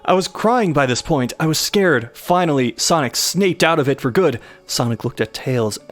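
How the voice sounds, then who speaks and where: A man's voice: a little high, expressive, normal speed, a bit bright, faint music behind. A young man hosting a comedic live reading of a bad horror story, stumbling over misspellings and cracking up.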